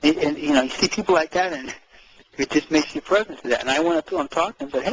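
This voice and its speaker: A man chatting casually as co-host, animated, repeating words and acting out quoted speech. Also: a little high, fast, gravelly, husky, highs cut off. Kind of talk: casual conversational chat.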